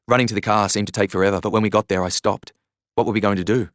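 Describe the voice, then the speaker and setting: Low aussie guy reading a novel, earnest and measured, dry close mic. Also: fairly even intonation, dry recording. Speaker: reader. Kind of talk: audiobook narration.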